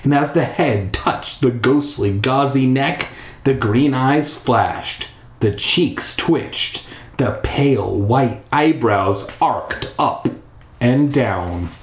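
Taking it slowly in a medium-pitched voice, a reader works through a spooky children's book while in a bathtub. His delivery is irreverent, peppered with crude, swearing ad-libs. The sound echoes off the bathroom walls.

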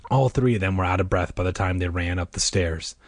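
Brief: male podcast reader, storybook narration, low and husky, dry close mic. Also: fairly quick, dry recording. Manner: wry asides between chapters. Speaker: podcast host reading a children's horror book.

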